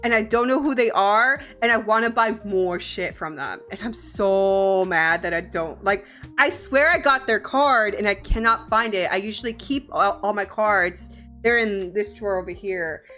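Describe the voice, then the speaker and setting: A woman's voice: mid-range voice, normal speed, fairly bright tone, faint music behind. A young woman streaming from home, chatting casually with her viewers, giggling often and swearing freely. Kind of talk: casual live-stream chat.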